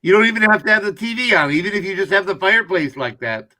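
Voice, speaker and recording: Male moderator, casual chat, slightly high voice, helpful and repetitive. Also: lively intonation, quick pace, bright, forceful tone. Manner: helpful, explaining settings, repeating himself. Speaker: stream moderator. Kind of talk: casual chat on a group video call.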